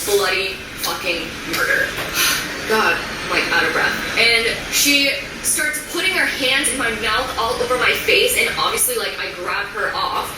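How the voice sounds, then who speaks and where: A young American woman upsetly recounting events in a rapid, shaken way. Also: on the high side, animated. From United States. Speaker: vlogger. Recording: distant echoey recording with noise.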